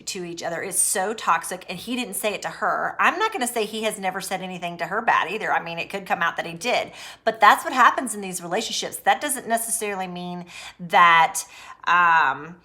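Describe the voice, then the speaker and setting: A woman's voice: fairly low pitch, pushed and bright. A woman hosting an abuse recovery channel, sharing her opinions in an earnest, rambling, reflective way. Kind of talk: personal opinion commentary.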